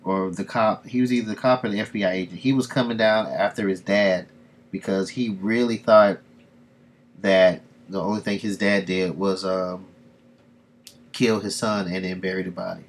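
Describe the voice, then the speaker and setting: A man's voice: low-pitched, steady tone, moderate pace. A man streaming live, reading comics and casually recapping the story in a loose, rambling way. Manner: rambling, loose summarizing with fillers.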